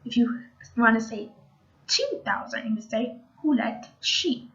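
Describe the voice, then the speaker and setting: A woman's voice: on the high side, lively intonation, measured pace, fairly bright tone, dull audio. A woman giving a casual spoken language lesson, patiently repeating each word and adding chatty asides. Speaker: language teacher.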